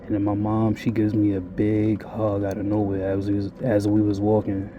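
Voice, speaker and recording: A man's voice: on the low side, completely flat delivery, moderate pace, highs cut off, noisy background. A man telling a blunt, profane, rambling confessional monologue to his viewers. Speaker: vlogger.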